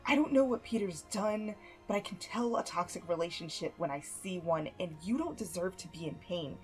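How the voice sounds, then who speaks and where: A woman voicing a shy, earnest young man who stammers gently and apologizes often. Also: lowish voice, animated, moderate pace, faint music behind, lightly acted, rough recording.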